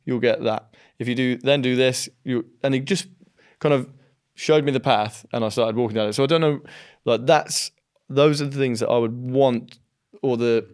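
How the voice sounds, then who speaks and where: A man's voice: medium pitch, a little mellow, clear, resonant tone. A young man co-hosting a casual podcast, telling anecdotes in a chatty way with frequent restarts. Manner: chatty storyteller, lots of restarts. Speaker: podcast co-host. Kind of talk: casual conversation.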